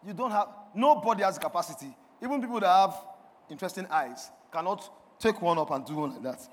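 A man preaching a sermon from a church stage, calling on the congregation to respond, swinging between shouts and quiet. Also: high voice, lively intonation, fairly quick. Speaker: pastor. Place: church hall. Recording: long hall reverb.

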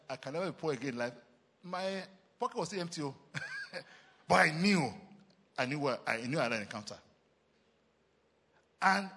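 A Nigerian man preaching with a lively, swinging delivery and a slightly husky tone. His voice sits a bit high and rings out with long reverb, as in a big church hall. He hammers phrases through repetition and slips in short chuckles. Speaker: pastor. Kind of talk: sermon.

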